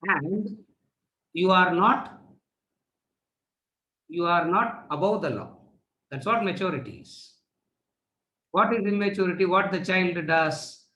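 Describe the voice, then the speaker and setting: A man's voice: sits high, slow pace, long pauses, pushed and bright. A man teaching a class, repeating rhetorical questions and then answering them himself. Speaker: spiritual teacher. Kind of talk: lecture to students. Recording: echoey room.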